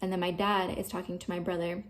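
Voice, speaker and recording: A woman's voice: on the low side, flat delivery, fast. A woman in her twenties talking candidly to the camera about something that happened to her, swearing freely and using a lot of fillers. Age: 20s. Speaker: vlogger. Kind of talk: personal storytelling to camera.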